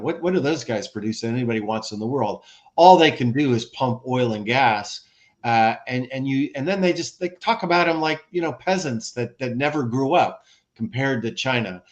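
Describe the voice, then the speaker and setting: An American man speaking as a podcast guest, explaining at length in an animated way, listing examples and often restarting his sentences. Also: mid-range voice. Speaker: guest, former ambassador and author. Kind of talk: conversational podcast interview.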